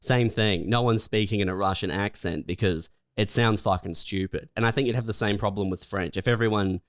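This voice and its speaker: A man's voice: on the low side, brisk, dry recording, clean studio sound. A man co-hosting a comedy podcast, chatting casually with wry jokes and frequent laughter. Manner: wry, laughs often, lively delivery. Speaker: podcast co-host.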